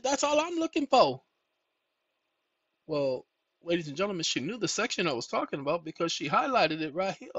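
A man's voice: very high voice, no echo. A man hosting a casual talk, reading documents aloud and addressing viewers as y'all, with a tired voice from a long session. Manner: animated, rising excitedly, addresses viewers as y'all. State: tired, fatigued voice. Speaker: channel host. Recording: dull, lo-fi home recording.

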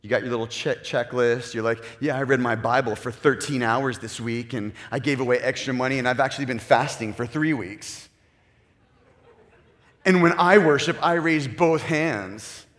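A male pastor preaching a sermon in an animated way, acting out the voices he quotes and swinging from loud to hushed. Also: mid-range voice, normal speed. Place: church sanctuary. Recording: long church reverb.

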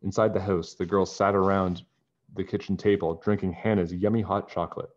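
A man reading a children's book aloud in a calm, even narrating voice. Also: low-pitched, fairly quick. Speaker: storybook reader. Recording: dull lo-fi recording.

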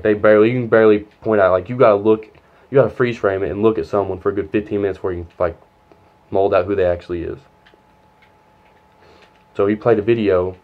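Young man, low voice, profane rambling storytime, muffled lo-fi audio. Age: young adult. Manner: profane, rambling, quotes others in dialogue. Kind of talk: casual storytime vlog.

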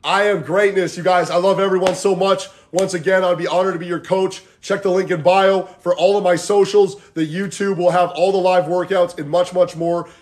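A man's voice: high-pitched, level tone, fairly quick, hardly any pauses, a little mellow. A man coaching fitness over a livestream from home, chatting casually in a rambling, motivational way, saying "like" and "guys" a lot. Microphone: phone.

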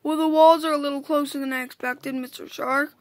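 A woman's voice: high-pitched, steady tone, no room sound, natural voice. A woman reading as a wolf gang leader. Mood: leading, suspicious. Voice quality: read aloud haltingly.

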